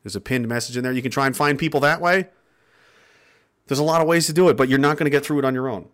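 An online commentator addresses his viewers in a fervent, profane, rambling monologue full of restarts. He has a mid-range, slightly bright voice and talks fast.

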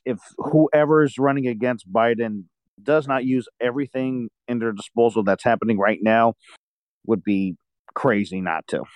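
A man's voice: medium pitch, clean tone, dry recording. A man calling in to a talk show, rambling and stumbling over his words. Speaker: caller. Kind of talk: phone-in caller talk.

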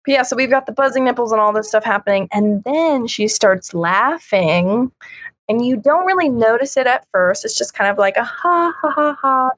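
A woman's voice: on the high side, animated, normal speed, no echo. A woman co-hosting a casual chat about a comic, frank and giggly, acting out lines as she goes. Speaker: podcast co-host.

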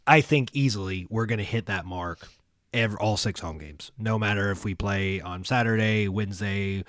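A man's voice: lowish voice, moderate pace, a bit bright, dry recording, studio quality. A man co-hosting a casual sports podcast, rambling with many fillers and restarts. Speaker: podcast co-host.

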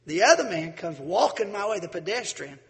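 A preacher giving a sermon, folksy and animated, telling a story and acting out the people in it. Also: male voice, high voice, brisk, vocal fry, long reverb tail. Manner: folksy, animated storyteller who acts out voices.

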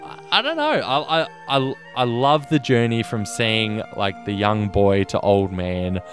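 A man co-hosting a podcast, talking about a film in an earnest, halting way with many restarts. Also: on the low side, expressive, a bit bright, faint music behind. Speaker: podcast co-host. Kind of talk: casual film discussion.

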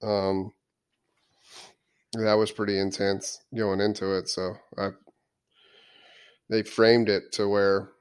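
Smooth low-voiced man, thoughtful chat. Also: flat delivery, slow, pauses often. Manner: thoughtful, hesitant with ums. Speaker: podcast co-host. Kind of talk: casual discussion.

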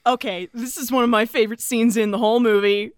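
A woman co-hosting a movie podcast in casual chat, animated, laughing easily and getting emotional. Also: on the high side, fast talker, no echo, studio quality. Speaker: podcast co-host.

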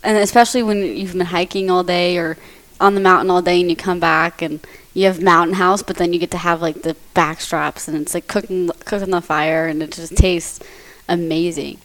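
A woman's voice: on the low side, normal speed, low-quality recording. A young woman co-hosting a podcast, animatedly telling hunting-trip stories with lots of laughter. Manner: animated storytelling with frequent laughter. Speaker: podcast co-host. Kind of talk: casual chat.

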